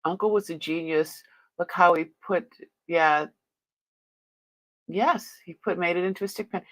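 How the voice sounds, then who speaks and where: A chatty woman hosting a live-stream sale, with a somewhat low voice. She talks to viewers as she unboxes and tests items, often exclaiming and laughing. The sound is dry and close. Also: unhurried, fairly bright tone, dry recording.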